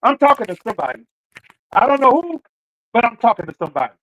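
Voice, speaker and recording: A man's voice: very high-pitched, sing-song, quick pace, a bit bright, rough recording. A man hosting a show, giving a preacherly motivational talk and repeating phrases for emphasis. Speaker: show host.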